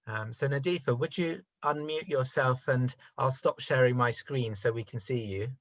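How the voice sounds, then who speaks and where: A man teaching adult education, giving a quick, rambling conference presentation on a video call. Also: medium pitch, fairly bright tone, dry recording. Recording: dull dry video-call audio.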